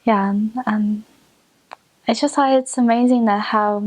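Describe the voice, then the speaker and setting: A young woman whose first language is Mandarin tells a casual story from her missionary days. Her voice sits at a medium pitch, and her talk is chatty, full of fillers and small soft laughs. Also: steady tone, unhurried. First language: Mandarin Chinese. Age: young adult. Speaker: returned missionary.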